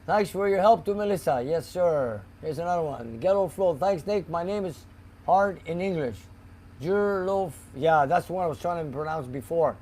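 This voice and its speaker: A man with a somewhat high voice hosts a casual live stream from his garage. He reads viewer comments aloud one after another, chatting loosely about each, and now and then slips into Greek phrases. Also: animated, normal speed, dark tone, slight background noise. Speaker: host reading live chat. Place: car garage shop.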